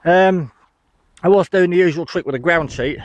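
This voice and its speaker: A man's voice: high-pitched, moderate pace, lo-fi sound. A man from the United Kingdom vlogging outdoors in a field, slightly out of breath, talking in a rambling way with many ums. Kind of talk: casual outdoor vlog.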